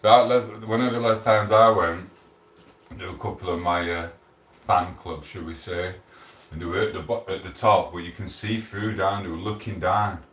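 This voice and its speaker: A man's voice: low voice, steady tone, normal speed, fairly bright tone. A man hosting a casual live stream from home, rambling and chatting while reading out viewers' messages. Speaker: livestream host. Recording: roomy and distant from mic.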